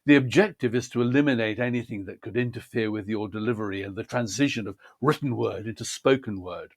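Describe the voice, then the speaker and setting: A man giving a measured, precise talk on how to prepare a poem for reading aloud. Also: on the low side. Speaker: poetry reading teacher. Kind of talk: scripted instructional talk.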